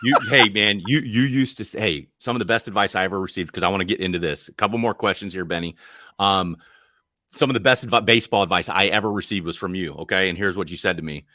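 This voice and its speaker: Bright-voiced earnest male podcast host. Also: low-pitched, no room sound, clean studio sound. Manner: earnest, halting, frequent restarts. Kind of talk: casual podcast interview.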